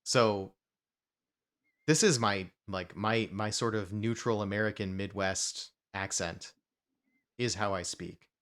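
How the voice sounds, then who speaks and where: A man from New Jersey chats casually as co-host of a whiskey show, his voice sitting low. He rambles and wanders into asides, trailing off and circling back as he goes. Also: takes it slowly, fairly bright tone. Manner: rambling, with many fillers and asides. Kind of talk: casual chat.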